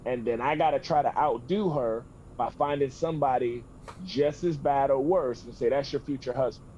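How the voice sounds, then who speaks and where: A man's voice: mid-range voice, normal speed, warm tone, dull audio, a little hiss or hum. Blunt, profane storytelling man. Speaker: podcast co-host. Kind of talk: casual chat.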